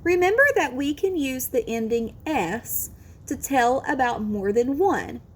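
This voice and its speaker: A woman teaching a kindergarten phonics lesson, sounding out words slowly and with exaggerated care. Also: sits high, expressive, slight background noise. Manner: drawn-out, exaggerated sounding out of words, sing-song encouragement. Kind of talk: slow, careful phonics lesson for young children.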